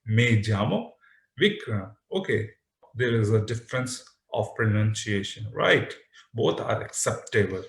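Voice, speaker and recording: Slow, patient man teaching in an echoey room. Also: mid-range voice, a bit bright. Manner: patient, repeats phrases, frequent "okay" and "right?". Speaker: language teacher. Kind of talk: slow classroom explanation.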